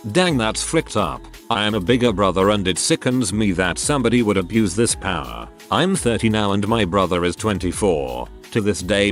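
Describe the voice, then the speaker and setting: A man reading out online stories as scripted narration, in a steady, lively storytelling manner. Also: fairly low pitch. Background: faint background music.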